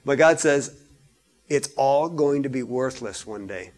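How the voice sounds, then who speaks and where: A male pastor preaching a sermon, chatting with his congregation and rising loud when he reads scripture. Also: mid-range voice, animated, a little slow. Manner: conversational preaching, rises loud on scripture readings.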